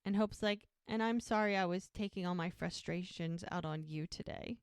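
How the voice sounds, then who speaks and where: A woman's voice: on the low side, normal speed, clear, resonant tone, no room sound, studio quality. A woman co-hosting a podcast, casually recapping a TV episode and retelling each scene while quoting the characters. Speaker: podcast co-host.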